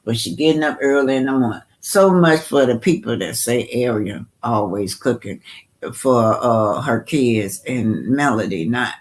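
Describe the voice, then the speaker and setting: A man hosts reaction commentary on video clips, heated and emphatic, often repeating himself and tripping over his words. His mid-range voice is expressive and a touch slow.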